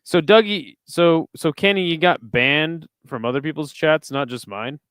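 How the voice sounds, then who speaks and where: A man's voice: fairly high pitch, normal speed, a bit bright, smooth, dry recording, studio quality. A man chatting and joking casually as a guest on a live watch-party stream. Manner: joking, jumps between bits.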